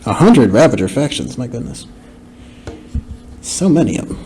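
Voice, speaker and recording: A man's voice: medium pitch, very animated, moderate pace, mellow, slight background noise. A man hosting a podcast, giving casual movie commentary with joking, chatty asides. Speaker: podcast host.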